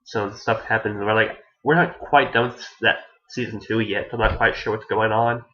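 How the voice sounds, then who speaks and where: A man's voice: on the low side, level tone, normal speed, sharp tone, lo-fi sound. A man giving a casual, rambling anime review who restarts his sentences often and swears offhandedly.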